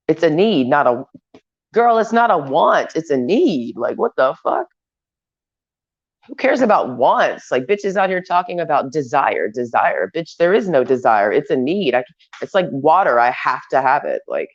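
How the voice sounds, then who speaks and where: A woman vlogger ranting in a crude, profane, stream-of-consciousness ramble. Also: low-pitched. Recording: dull lo-fi recording.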